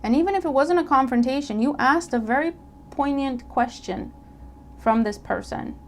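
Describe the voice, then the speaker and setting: Animated woman giving a tarot reading. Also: sits high, normal speed, slight background noise. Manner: animated, acts out imagined dialogue; checks in with listener, repeats herself. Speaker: tarot reader. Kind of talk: casual tarot reading to camera.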